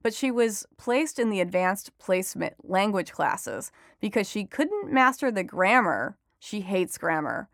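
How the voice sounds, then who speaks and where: A woman's voice: mid-range voice, sing-song, a little slow, hardly any pauses, no room sound, studio quality. A woman reporter and author answering interview questions in a chatty way, laughing often, with many fillers.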